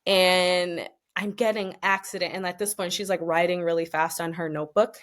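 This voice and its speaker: Young adult woman, podcast guest; chatty, expressive storyteller, slightly low register, emotional edge. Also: moderate pace. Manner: chatty and expressive, many fillers, emotional at times.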